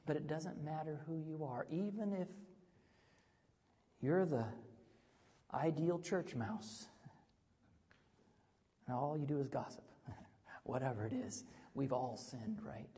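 A man preaching an evangelistic sermon, moving between quiet, intimate passages and loud, emphatic ones, and asking the audience questions. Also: mid-range voice, in a large hall. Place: church hall with tables.

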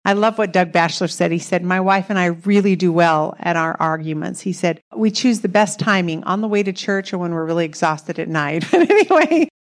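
A middle-aged woman telling a personal marriage story in a chatty way, laughing often. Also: mid-range voice. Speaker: co-host speaking about marriage. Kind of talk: casual storytelling talk.

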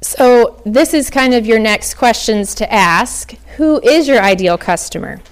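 A woman's voice: on the high side, expressive, unhurried. A young woman from Oklahoma giving a casual workshop talk on flower farming, chatty with many ums and likes.

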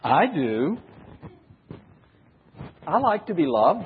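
A man's voice: a little high, lively intonation, unhurried, a little hiss or hum. A man preaching a sermon to a congregation, questioning the listeners and acting out examples. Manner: questions the audience and acts out examples. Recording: dull recording with long hall reverb.

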